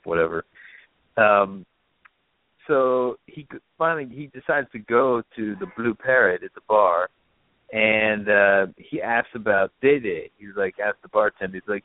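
A man's voice: lowish voice, a little slow, dry recording. A man casually retelling a film's plot in a rambling, filler-heavy way, as a podcast host. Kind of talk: casual film recap chat. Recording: tinny phone-like line.

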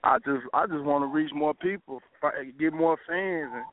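A man's voice: fairly high pitch, moderate pace, a little hiss or hum. A young man, a rapper guest talking casually and laid-back, full of "like" fillers. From Pine Bluff, Arkansas, US. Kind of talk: casual interview over phone. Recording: tinny phone line.

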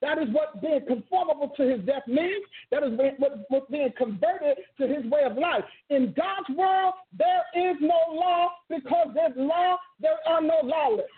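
A woman's voice: high-pitched, unhurried, hardly any pauses. A woman preaching a sermon with passion, repeating and rephrasing her words and breaking into sudden exclamations. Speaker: preacher and teacher. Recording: tinny phone-like sound.

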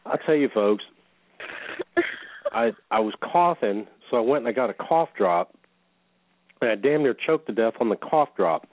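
A man's voice: medium pitch, lively intonation, moderate pace, pauses often, no room sound. A man co-hosts a casual wrestling talk show, speaking to listeners with wry, self-mocking asides. His voice sits in a middle range. It comes through dry and tinny, like a phone call. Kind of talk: casual chat. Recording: tinny phone-line sound.

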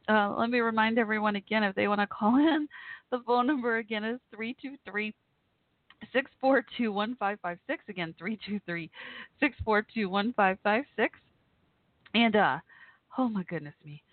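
A woman's voice: mid-range voice, moderate pace, no echo. A woman in her forties hosting a casual live call-in show, rambling and laughing often as she chats with listeners. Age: 40s. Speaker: podcast host. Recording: tinny phone-like line, dry.

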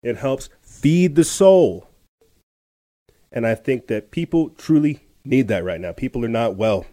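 A man's voice: mid-range voice, animated, measured pace, dark tone, dry recording. A man hosting a podcast, telling a story in a rambling casual way with many restarts and laughs. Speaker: podcast host. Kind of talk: casual chat.

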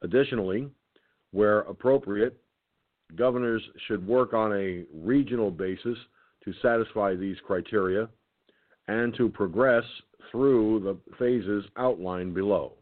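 A tired man hosting an internet radio show, reading a document aloud haltingly with his own comments, stumbling and restarting words. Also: on the low side. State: tired, keeps yawning. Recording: tinny phone-like line.

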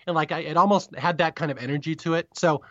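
A man co-hosting a podcast, chatting casually and quickly about a comedy episode, often correcting himself mid-sentence. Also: a little high, no room sound, dull audio. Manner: rapid, chatty, self-correcting. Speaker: podcast co-host. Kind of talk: casual review chat.

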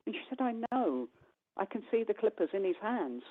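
A woman, a guest medium, telling a long personal story on a call-in radio show and acting out the dialogue with animated voices. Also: mid-range voice, normal speed, slightly rough. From United Kingdom. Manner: animated, acts out quoted dialogue. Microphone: telephone. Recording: tinny phone line.

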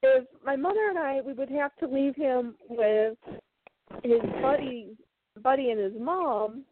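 High-pitched woman, giggly, on a tinny line. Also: unhurried, noisy background. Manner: laughs often, teasing. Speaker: co-host. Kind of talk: casual chat. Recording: tinny phone-like sound.

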